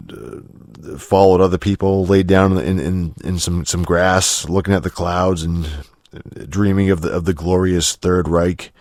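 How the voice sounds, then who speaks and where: A man with a very deep voice rambles through a casual podcast chat, swearing freely and tripping over restarts. His sound is dry and close, with no room around it. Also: no room sound. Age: adult, getting older. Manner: profane, rambling, many restarts and fillers. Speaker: podcast host.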